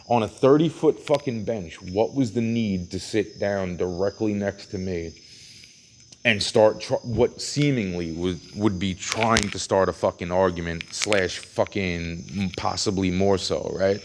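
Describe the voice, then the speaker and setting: Low-voiced man ranting, swearing a lot. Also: unhurried, a little hiss or hum. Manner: heavy swearing, frequent restarts, acts out quotes. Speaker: vlogger. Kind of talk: ranting storytelling monologue. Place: outdoors at a train station at night.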